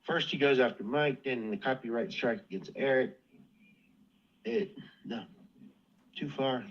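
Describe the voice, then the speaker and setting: Man hosting a livestream, mid pitch, muffled audio, talking to chat. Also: measured pace. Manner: loose, talks to chat and moderators. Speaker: livestream host.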